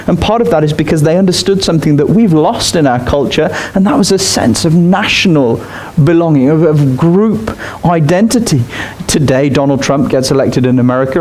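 A man's voice: a little high, darkish tone. A man preaching a sermon in a church, speaking directly and emphatically to his congregation. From Australia. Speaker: pastor.

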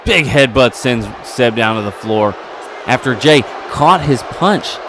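A man giving excitable play-by-play commentary over a wrestling video game, getting louder at the big moments. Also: medium pitch, a little slow, crowd noise, noisy background. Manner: excitable, building to yelling at near falls.

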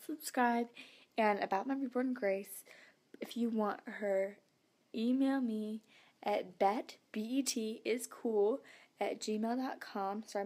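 Teen girl rambling into the camera at night, lots of so yeah and um, half whispering sometimes, normal pitch. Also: darkish tone. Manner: rambling, filler-heavy, drifting into half-whispers. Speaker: vlogger. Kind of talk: casual nighttime vlog. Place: at home at night.

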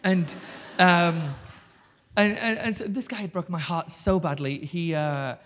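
A bright, high-voiced man with an English Yorkshire accent, in his thirties. He tells stories with a cheeky, animated manner, full of ums and restarts. He speaks on a theatre stage in front of an audience. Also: a little slow, slight background noise. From England. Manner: animated, cheeky storyteller with lots of fillers and swearing. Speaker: guest author. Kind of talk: live stage conversation.

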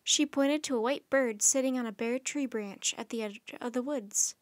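A woman reading a children's chapter book aloud for storytime, her voice high and light. She tells the story in a gentle, friendly, unhurried way. The recording is dry and close, with no room echo.

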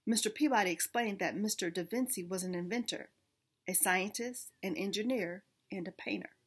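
A woman reading a children's storybook aloud in first person, expressive, with small restarts. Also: medium pitch, normal speed, husky.

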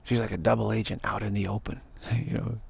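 A man giving a rambling spiritual talk, telling a story in halting phrases with many restarts. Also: on the low side, little pitch movement, creaky, breathy edge. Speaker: spiritual teacher.

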